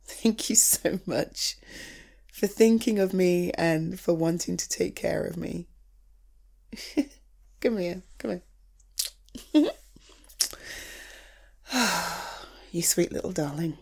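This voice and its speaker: A woman's voice: lowish voice, slow, gravelly, pauses often, darkish tone, breathy edge, full character voice. A young woman playing an affectionate girlfriend in a scripted audio role-play, laughing often, swearing freely and teasing her partner before turning tender. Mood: tender, forgiving. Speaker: girlfriend coming home.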